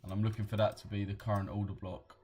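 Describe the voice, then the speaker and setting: A man's voice: fairly low pitch, level tone, fast talker, a little mellow, soft background music. A young British man hosting a live trading stream, chatting casually in slang and reading out viewer comments. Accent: British English. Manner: laid-back, slangy, reads out viewer comments. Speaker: trading livestream host. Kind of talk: casual livestream chat.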